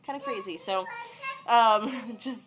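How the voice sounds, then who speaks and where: A woman's voice: on the high side, slow pace, noisy background. A young woman vlogging, telling a work story in a chatty, dramatic way and acting out the people in it. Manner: chatty, dramatic retelling with quoted voices. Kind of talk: casual storytelling vlog.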